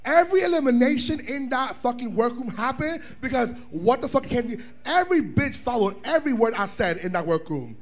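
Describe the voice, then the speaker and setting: A man with a very high speaking voice tells a story in an animated way. He is loud and cheeky, swears freely, and laughs as he goes, like someone on a panel at a bar viewing party. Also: brisk, hardly any pauses. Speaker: drag performer guest. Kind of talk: animated live panel chat.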